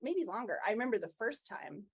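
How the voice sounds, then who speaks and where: A woman's voice: on the high side, very animated, slightly rough. Chatty, reflective woman co-host. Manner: open, reflective and chatty, quick to laugh. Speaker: podcast co-host, agile coach. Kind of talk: casual chat.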